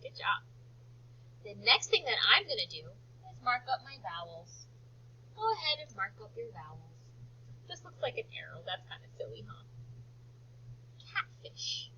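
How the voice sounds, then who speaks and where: A woman teacher leading a slow phonics lesson for young children, stretching out words for them to repeat and praising them often. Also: medium pitch, big pitch swings, bright, forceful tone, dull audio, slight background noise. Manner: slow, drawn-out word modelling and encouraging praise.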